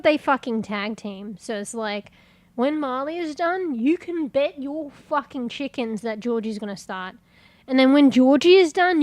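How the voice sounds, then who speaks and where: A young woman streams a game in a dry recording, her voice sitting high. She chats casually and rambles, swearing freely and laughing often.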